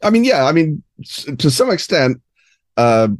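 A man's voice: fairly high pitch, sing-song, moderate pace, no echo, clean studio sound. A man as guest on a gaming podcast, explaining at length in an erudite, expansive way with many fillers. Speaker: guest game designer. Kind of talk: podcast interview.

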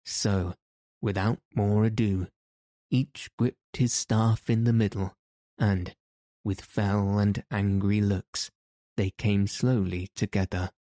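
A man reading a story aloud as the audiobook narrator, in a measured, even manner. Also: fairly low pitch, dry recording, studio quality. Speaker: audiobook reader. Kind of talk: scripted narration.

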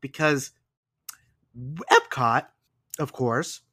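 A man's voice: medium pitch, drawn-out words, dry recording. A man hosting a podcast, narrating history casually with wry asides. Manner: animated storytelling with asides and laughs. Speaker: podcast host.

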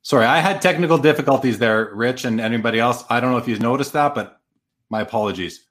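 A man's voice: medium pitch, fast, a bit bright. A man hosting a live podcast show, introducing and interviewing his guest in an upbeat, friendly way. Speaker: podcast host.

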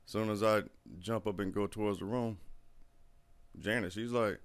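Low gravelly man telling a story. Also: moderate pace. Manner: profane, animated storyteller who acts out quotes. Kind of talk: casual storytelling chat.

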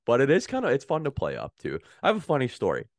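A man's voice: medium pitch, huge pitch swings, quick pace, no room sound, studio quality. A Canadian man with a Canadian accent, co-hosting a podcast in casual chat, telling stories with animation, laughing easily and swearing. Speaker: podcast co-host.

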